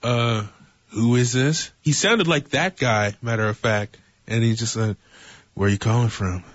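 A mid-pitched man joins radio banter in a relaxed way, adding chuckling asides. His voice comes through dry and slightly dull. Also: a little slow, dry recording. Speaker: radio show regular. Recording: dry, slightly muffled broadcast.

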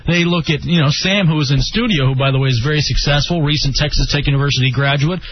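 A man's voice: a little high, quick pace, a little hiss or hum. A man hosting a casual radio show, joking and laughing often and mocking himself. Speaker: radio host. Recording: dull lo-fi radio recording.

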